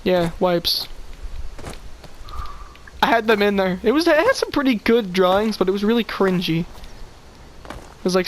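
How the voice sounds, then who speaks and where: A teenage podcast host in casual chat, griping about school and telling stories with animation. The voice sits at a medium pitch, with a faint hiss behind it. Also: unhurried, pauses often. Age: teens. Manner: complaining, animated storytelling.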